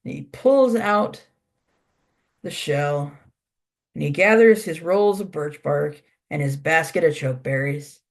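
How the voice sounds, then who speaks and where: An instructor telling a traditional folk tale aloud to a class, unhurried, repeating words for effect. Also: mid-range voice, lively intonation, vocal fry. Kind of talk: oral storytelling in a class.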